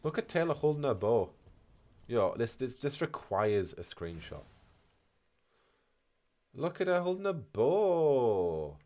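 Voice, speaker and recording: A man's voice: medium pitch, big pitch swings, slow, long pauses, a little mellow. A man with a Yorkshire accent chatting casually while streaming a game and reading chat aloud. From North Yorkshire, England. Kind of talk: casual gaming commentary.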